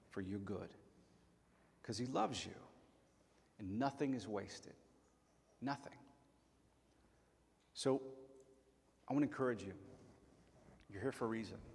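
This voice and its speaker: A man from Chattanooga preaching a sermon as pastor, earnest and emphatic, slowing down to stress key words. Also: mid-range voice, in a large hall. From Chattanooga, Tennessee. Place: church sanctuary.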